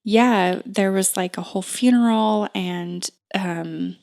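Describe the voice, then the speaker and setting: Slow, gravelly woman in her thirties. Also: medium pitch, a little mellow. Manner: unhurried, with frequent "like" fillers and restarts. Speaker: podcast guest. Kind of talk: personal storytelling conversation.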